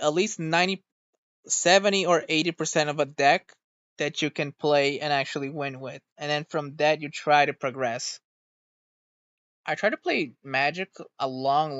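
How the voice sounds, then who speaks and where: A VTuber streamer chatting casually in a rambling way, swearing freely and getting irritated quickly. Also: medium pitch, fairly bright tone, dry recording. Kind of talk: casual stream reaction chat. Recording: dull, dry home recording.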